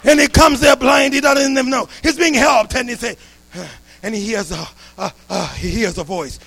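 An impassioned male preacher whose voice is strikingly high for a man. He sounds bright and forceful, with a gravelly fry, and he swings between hushed storytelling and full shouts. The delivery is a dramatic sermon. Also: normal speed.

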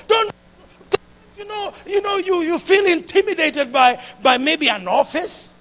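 A man preaching a sermon with passion, repeating phrases and building up to shouts. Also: very high voice, unhurried.

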